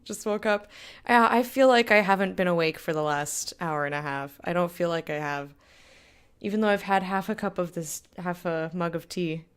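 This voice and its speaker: A woman's voice: on the low side, moderate pace, clear, resonant tone. A young woman chatting casually with her stream viewers while gaming, rambling, laughing often and going off on tangents. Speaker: game streamer.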